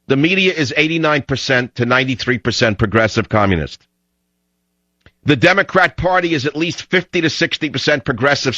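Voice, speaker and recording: A man's voice: medium pitch, bright, forceful tone, no room sound. A man hosting talk radio, delivering an emphatic, fiery ranting monologue on dull lo-fi audio.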